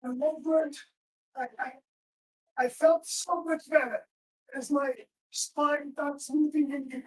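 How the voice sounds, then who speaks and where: A woman's voice: high-pitched, fairly even intonation, slow pace. A woman teaching self-defense in a live class, giving short commands while she demonstrates moves. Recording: roomy echo from far off.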